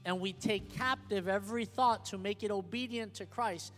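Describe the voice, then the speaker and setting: A man's voice: sits high, moderate pace. Emphatic male pastor preaching in a hall. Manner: emphatic, repeats questions to the congregation. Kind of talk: sermon. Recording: long hall reverb with soft guitar behind.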